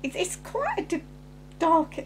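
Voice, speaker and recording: A woman co-hosting a podcast in casual chat, laughing and chiming in with quick replies. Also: extremely high pitch, wildly swooping pitch, faint music behind. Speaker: podcast co-host.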